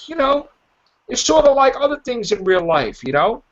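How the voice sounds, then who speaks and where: A man hosting a podcast in casual chat, rambling and acting out characters' lines in animated voices. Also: very high-pitched, normal speed. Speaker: podcast host. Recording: dull lo-fi podcast audio.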